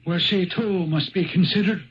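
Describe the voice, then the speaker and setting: A solemn, ancient Viking spirit turned Irish, played by a man speaks in a strikingly high voice with an Irish accent, laying out his riddles slowly and gravely. This is a 1970s radio play heard through a dull, lo-fi broadcast. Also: fairly even intonation, slight background noise, lightly acted. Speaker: Old Man of the Rock. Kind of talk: 1970s radio drama acting.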